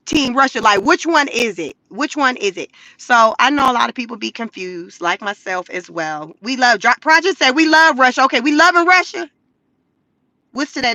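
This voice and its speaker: Woman host, casual live-stream commentary; high, bright and animated, dry close sound. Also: dry recording. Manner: animated, laughs often, acts out quotes in mocking voices. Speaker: livestream host.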